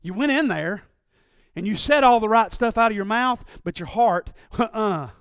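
A man preaches a sermon with a strikingly high voice for a man. He swings from loud shouts down to low murmurs and slips into his listeners' voices as he goes. The sound is dry and close, with no room echo. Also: lively intonation, normal speed, clear, resonant tone. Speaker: pastor.

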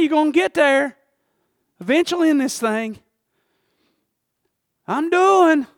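A male pastor preaching a sermon, moving from quiet scripture reading to shouted, fervent passages. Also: very animated, slow pace, creaky, long pauses, dry recording, clean studio sound. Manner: swings from low reading to shouting fervor.

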